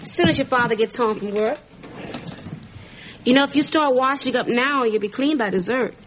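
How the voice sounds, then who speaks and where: A woman's voice: a little high, moderate pace, heavy background noise, close to an everyday voice. An actress playing a motherly woman who runs a household in a sitcom, teasing the kids with dry one-liners. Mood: wry.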